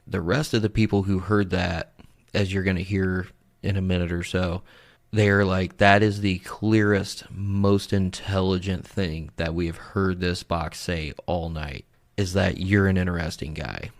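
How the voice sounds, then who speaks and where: Young male podcast host, deep gravelly voice, casual and blunt. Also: steady tone, unhurried. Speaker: podcast host narrating clips.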